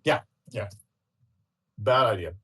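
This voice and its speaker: A man hosting a casual online chat, ranting and swearing with bursts of laughter, in a husky voice. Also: fairly low pitch, takes it slowly. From Europe. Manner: profane, animated ranting with laughter. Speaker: host.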